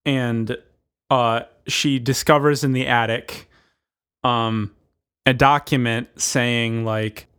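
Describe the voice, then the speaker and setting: A man's voice: mid-range voice, fairly even intonation, slow pace, a bit bright, smooth. A man co-hosting a podcast, improvising a story in a rambling, playful way with many fillers and restarts. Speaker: podcast co-host. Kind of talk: casual chat, improvised movie pitch.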